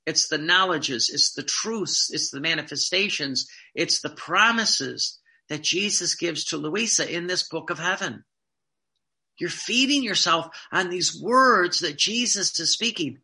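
A man preaching a sermon earnestly, often repeating words and slowing down to read quoted passages. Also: sits high, bright, forceful tone.

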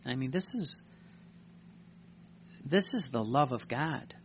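A man's voice: mid-range voice, animated, slow, sharp tone, slight background noise. A man, a priest, preaching an earnest, reflective sermon and often restarting his sentences. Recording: dull lo-fi recording.

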